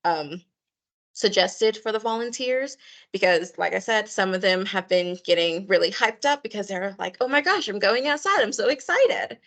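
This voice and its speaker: A woman's voice: mid-range voice, creaky, a bit bright. A woman coordinating volunteers, giving a friendly online meeting briefing with lots of fillers and repeated pleas. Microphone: video call.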